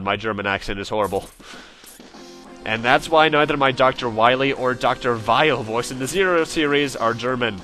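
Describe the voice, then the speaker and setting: A man gives relaxed let's play commentary over faint game music. His voice sits at an average pitch with a bright, forceful tone. He rambles chattily and catches his own slips. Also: moderate pace. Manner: chatty and self-correcting, with frequent fillers. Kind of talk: casual gameplay commentary.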